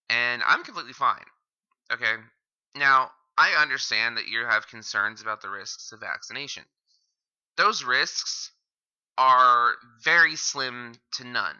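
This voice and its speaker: A man's voice: medium pitch, pushed and bright, clear, resonant tone. A man hosting a reaction commentary, heckling and insulting the video with constant swearing. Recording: dull lo-fi mic.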